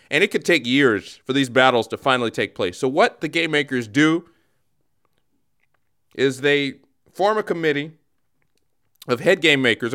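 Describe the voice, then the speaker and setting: Guy hosting a goofy radio show, deadpan and mock serious, voice swings up and down a lot. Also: on the high side. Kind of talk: comedic radio chat.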